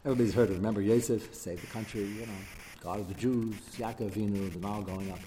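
A man giving a Torah class lecture, taking questions and acting out the quotes he reads with quick asides. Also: lowish voice, steady tone, mellow. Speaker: rabbi teaching a class. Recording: reverberant hall with faint background noise.

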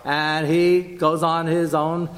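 Animated man teaching a Torah class. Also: takes it slowly, big-room sound. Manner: animated, jumps pitch to act out quotes. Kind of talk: lively Torah lecture to a group.

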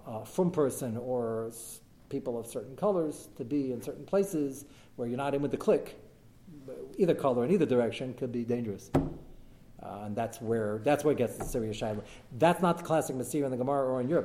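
A man with a somewhat high voice leads a Torah lecture as a rabbi. He tells his cases in lively, animated bursts, breaking off and restarting as he goes and dropping Hebrew and Yiddish words into his English. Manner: animated storytelling, mixing in Hebrew and Yiddish terms; talks in short bursts with frequent fillers and restarts. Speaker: rabbi answering questions of Jewish law.

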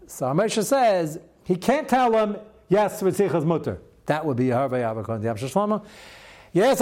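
A man teaching a Talmud class, mixing Hebrew terms into a lively lecture and acting out quoted exchanges. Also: a little fast. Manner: animated, acts out quoted exchanges with shifting pitch.

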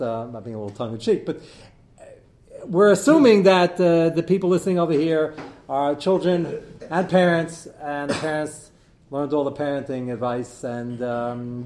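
A middle-aged man teaching a live class as its rabbi, animated and joking, with many fillers as he digresses. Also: medium pitch, echoey room. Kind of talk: live lecture to an audience.

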